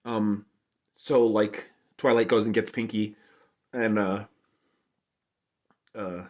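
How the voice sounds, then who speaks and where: A man's voice: on the low side, steady tone, slow pace. A man giving an unscripted, casual review, rambling along and saying "like" constantly. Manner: rambling, heavy use of "like" fillers. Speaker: show reviewer.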